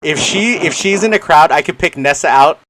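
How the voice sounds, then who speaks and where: Guy hosting a chill podcast, bright voice, keeps teasing and doing little impressions. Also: a little high, a little fast, slight background noise. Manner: teasing, storytelling, mimics friends. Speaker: podcast host, streamer. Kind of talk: casual podcast chat.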